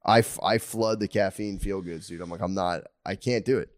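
Low-pitched man, 30s, profane rambling podcast co-host; dry close recording. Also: brisk, dry recording. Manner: rambling, profane, laughs often. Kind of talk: casual chat.

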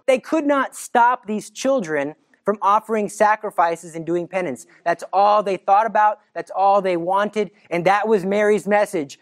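A teacher retelling a religious story to listeners in a lively, dramatic way. The voice swings from loud, emphatic bursts to hushed asides. The pitch sits at a middle level. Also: moderate pace, no echo.

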